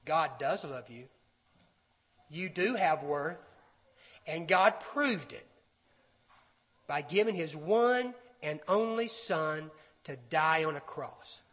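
A man voicing a gentle, comforting voice of truth, soft, slow and tender. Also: fairly high pitch, animated, pitched below the performer's own voice. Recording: echoey hall with long reverb.

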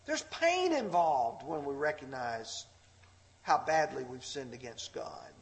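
Man, pastor, sermon, deliberate unhurried delivery, impassioned scripture reading, church hall reverb. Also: medium pitch, big pitch swings, creaky. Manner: impassioned preaching, rising loud on scripture readings. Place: church sanctuary. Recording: long reverb of a large hall.

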